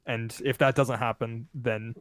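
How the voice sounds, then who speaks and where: A man's voice: medium pitch, steady tone, a little slow. Casual man running a tabletop game. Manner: casual, counts out movement step by step. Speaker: game master.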